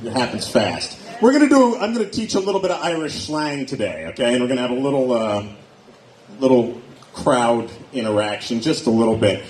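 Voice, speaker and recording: A man from Erie doing a self-deprecating stand-up set with punchy deadpan delivery and crowd work on a nightclub stage. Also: mid-range voice, brisk. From Erie, Pennsylvania. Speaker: stand-up comedian. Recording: echoey club room.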